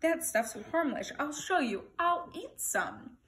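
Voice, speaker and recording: A woman's voice: sits high, animated, slow, sharp tone, slight background noise, pitched above the performer's own voice, heavily acted. A woman voicing a vain, boastful guard captain who talks down pompously in a storybook. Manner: pompous, dismissive.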